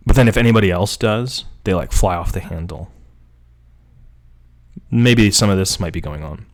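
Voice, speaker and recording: A man's voice: sits low, moderate pace. A man teaching a close reading lecture, reading a text aloud and breaking off with wry, joking asides. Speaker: rhetoric professor. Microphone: desk mic, livestream.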